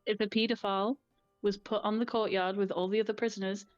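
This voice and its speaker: A woman's voice: medium pitch, flat delivery, fast, dry recording, lo-fi sound, faint music behind. A woman co-hosting a casual live stream, explaining things plainly and laughing easily. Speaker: streamer co-host.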